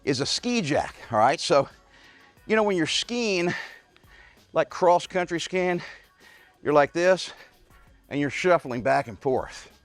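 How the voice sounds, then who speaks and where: A man's voice: fairly high pitch, slow pace, pauses often, soft background music. A man coaching a home workout, talking straight to his viewers and sometimes out of breath. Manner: energetic, talks straight to viewers as "guys". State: out of breath at times. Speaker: fitness coach.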